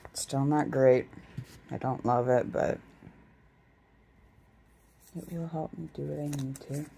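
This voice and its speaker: Low-voiced woman on a live stream, tired, chatty, kinda self-mocking, bit of faint noise. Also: steady tone, measured pace, creaky, mellow, low-quality recording. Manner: chatty and self-deprecating, talks to viewers and herself. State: tired, yawning. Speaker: tarot reader streaming live. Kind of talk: casual live-stream chat.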